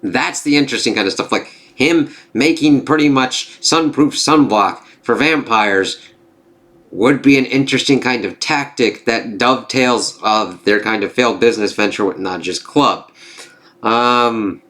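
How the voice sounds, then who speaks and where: A man's voice: medium pitch, unhurried, fairly bright tone. A man casually recapping a TV episode, rambling and swearing, full of filler phrases. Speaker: TV reviewer.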